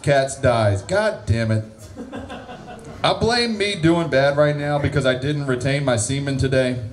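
A man's voice: mid-range voice, a little slow. Rambling, swearing male open-mic host. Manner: rambling, swearing, correcting himself. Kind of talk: casual stage banter. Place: comedy venue stage.

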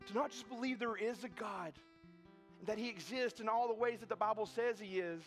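A man preaching a sermon in a church, animated and full of repeated restarts, sometimes acting out the voices in his stories. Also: high-pitched, brisk, soft background music. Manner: animated, repetitive restarts, acts out quoted voices. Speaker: pastor. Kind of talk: sermon with storytelling. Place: church sanctuary.

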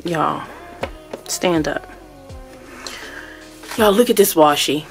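Woman vlogger, unhurried gushing chat, low-set voice, faint music behind. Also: vocal fry. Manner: gushing, exclamatory, keeps addressing viewers as y'all. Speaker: unboxing vlogger. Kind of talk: casual unboxing chat to viewers.

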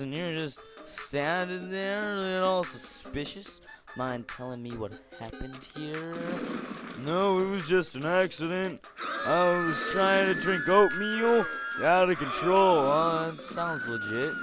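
A young man rambles through a goofy gameplay session, putting on mock-stern scolding voices at the game's characters. His voice sits mid-range, and clear game music plays under everything. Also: mid-range voice. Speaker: gameplay video host. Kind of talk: goofy improvised gameplay commentary.

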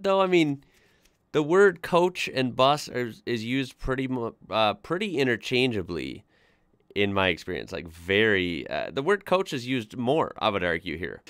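A man's voice: mid-range voice, a bit bright, smooth, dry recording, studio quality. Amused chatty man. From United States. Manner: laughs often, chatty and amused. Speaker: YouTube host. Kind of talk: casual reaction commentary reading posts aloud.

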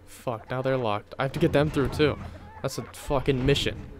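A man's voice: medium pitch, normal speed. Swearing, frustrated man gaming. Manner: frustrated, swearing, exclaiming at the game. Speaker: let's play gamer. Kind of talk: gameplay commentary.

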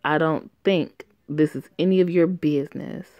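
A woman's voice: sits low, fairly even intonation, moderate pace, no echo, lo-fi sound, natural voice. A bossy mother, a woman voices her. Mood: stern. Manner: bossy, commanding. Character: stern controlling mother of a teen boy.

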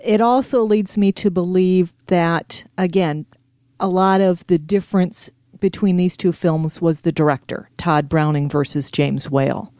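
A woman guesting on a podcast, chatting in a calm, measured way. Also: fairly low pitch, no echo, clean studio sound. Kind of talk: casual chat.

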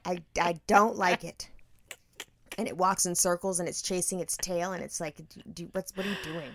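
A woman in her thirties hosting a podcast, telling a story with animated, profane energy. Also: on the low side, normal speed, no room sound. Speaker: podcast host. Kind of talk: casual storytelling chat.

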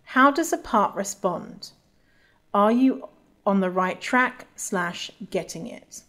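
A woman's voice: medium pitch, lively intonation, slow, fairly bright tone. A woman hosting a solo podcast, talking casually and candidly, swearing freely and restarting her sentences often. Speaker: podcast host.

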